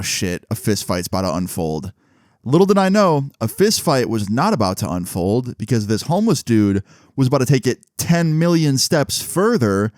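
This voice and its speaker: A young man casually narrating a personal story, acting out the other people's lines in lively voices. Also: lowish voice, dry recording, studio quality. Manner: animated, acts out quoted voices.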